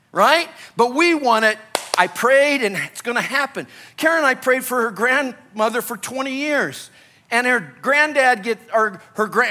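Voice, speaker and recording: With an extremely high-pitched voice, a male Illinois pastor delivers a lively sermon, alternating between loud urgency and hushed, quiet passages.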